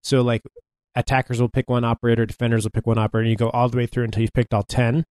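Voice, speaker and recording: A man's voice: mid-range voice, little pitch movement, rapid-fire, darkish tone, no echo. A man co-hosting a casual gaming podcast, wry and long-winded, with lots of fillers as he explains things. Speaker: podcast co-host.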